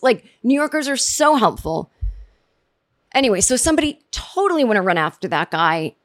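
A woman hosting a podcast, chatting casually and animatedly, jumping into high voices when she quotes people. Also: lively intonation, fairly quick, no room sound, studio quality. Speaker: podcast host recapping a TV episode. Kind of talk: casual chat.

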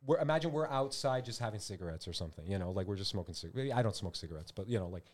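A man with a lowish voice talks very fast as co-host of a comedy podcast. Joking around in casual chat, he's animated and playful, slipping into mocking impressions.

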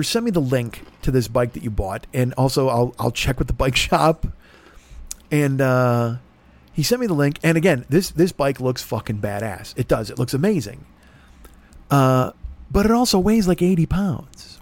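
This casual storytelling monologue comes from a middle-aged podcast host whose voice runs on the high side with a darkish tone. He rambles through a profane, self-deprecating tale, performing both sides of the dialogue, recorded on a laptop with no room sound.

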